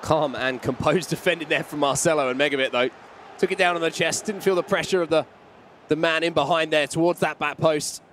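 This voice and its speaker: A man giving play-by-play commentary on an esports football match, calling the action and rising with excitement at chances. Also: on the high side, a little fast, slight background noise.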